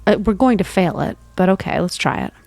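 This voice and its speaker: A woman playing a game with a friend, choosing options and making deadpan jokes. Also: lowish voice, a little fast, gravelly. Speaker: co-player. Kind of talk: casual let's-play chat.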